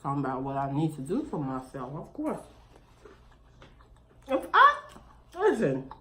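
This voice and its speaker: A woman's voice: deep voice, huge pitch swings, measured pace, bright, forceful tone. A woman, hosting a mukbang eating video and chatting casually while she chews. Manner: chatty, talks while chewing. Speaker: mukbang host.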